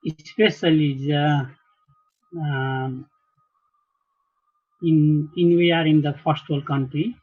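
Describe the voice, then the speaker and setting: Halting man guest on a tinny line. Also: a little high, steady tone. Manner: halting, searching for words, many restarts. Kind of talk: casual interview talk.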